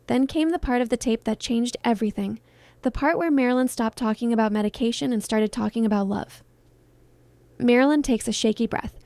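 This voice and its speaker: A woman giving scripted narration of a true story in a hushed, solemn storytelling manner. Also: on the high side, normal speed, no echo.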